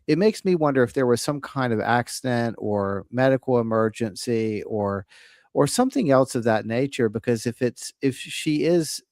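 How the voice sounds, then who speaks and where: Host guy thinking out loud, lots of restarts, plain mid voice, dry sound. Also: mid-range voice, animated, normal speed, dry recording. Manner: thinking aloud, restarts, acts out scenarios. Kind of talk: casual discussion.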